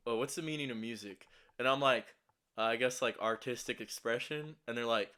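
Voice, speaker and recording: A man's voice: medium pitch, brisk, pushed and bright, clear, resonant tone. Shaky young man rambling through a story. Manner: rambling, profane, with many restarts and fillers. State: shaky and anxious. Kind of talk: casual storytime.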